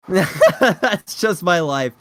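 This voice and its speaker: A man co-hosts a podcast in a loose, joking way. His pitch swings a lot as he talks, and he stammers and restarts often. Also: sing-song, extremely slow, a bit bright, no room sound. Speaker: podcast co-host. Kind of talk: casual chat.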